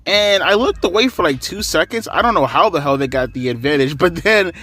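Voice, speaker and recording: A man's voice: a little high, animated, fairly quick, bright, forceful tone. A man giving a casual, rambling wrestling recap, sarcastic and swearing freely. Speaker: wrestling commentary vlogger.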